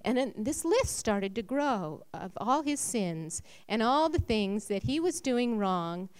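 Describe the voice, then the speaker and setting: A woman sharing a personal faith testimony. Her voice rises when she gets excited and drops low when she turns reflective. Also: slow pace, few pauses, smooth. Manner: emotional storytelling, rising when excited and dropping low when reflective.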